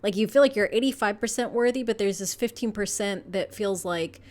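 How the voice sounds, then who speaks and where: Brisk and medium-pitched, a woman chats her way through an informal pick-a-card tarot reading, wandering off on tangents with plenty of fillers. She swears casually and keeps laughing as she talks.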